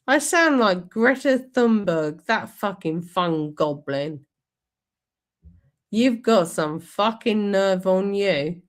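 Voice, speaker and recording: A woman streaming, ranting angrily and sarcastically over a played speech, swearing constantly. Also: mid-range voice.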